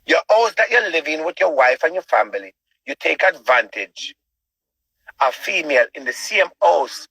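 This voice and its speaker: Husky, bright-voiced preachy Jamaican man. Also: a little high, very animated, moderate pace, no room sound, poor audio. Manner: preachy, repeats himself, asks rhetorical questions. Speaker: online show host. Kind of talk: ranting commentary.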